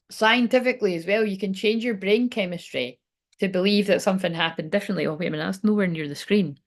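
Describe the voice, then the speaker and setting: Rambling woman giving a tarot reading. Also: mid-range voice. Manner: rambling, swears freely, digresses. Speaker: tarot reader.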